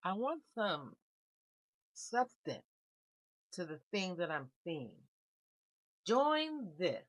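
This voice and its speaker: A woman reading tarot cards in a calm, unhurried way, her voice low and unrushed. She muses aloud with a melancholy air. The sound is close and dry, with no room around it. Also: dry recording, low-quality recording. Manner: calm, unhurried, musing with soft laughs. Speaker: tarot reader. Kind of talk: casual spiritual card reading.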